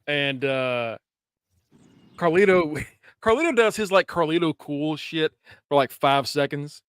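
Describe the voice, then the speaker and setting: Male co-host, slightly high voice, dry close sound, laughs and swears through recaps. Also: expressive, a little slow, fairly bright tone, clean tone, no room sound. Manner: laughing, swearing, acting out scenes. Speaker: podcast co-host. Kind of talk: casual wrestling chat.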